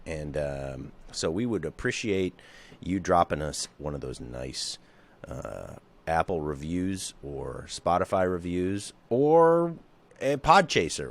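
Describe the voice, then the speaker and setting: Male podcast host, joking and rambling, casual chat, lively pitch that swings widely. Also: no room sound. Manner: jokey, rambling, puts on silly voices.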